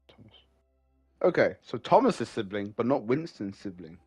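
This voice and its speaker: A man as a player in a tabletop game, making wry, deadpan asides. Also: fairly low pitch, moderate pace, breathy edge, no room sound, soft background music.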